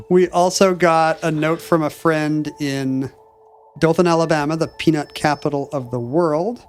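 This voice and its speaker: A chatty man with a slightly high voice co-hosts a podcast. He reads listener mail aloud with dry, joking asides. Faint music sits behind him. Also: steady tone, unhurried. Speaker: podcast co-host. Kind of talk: casual chat.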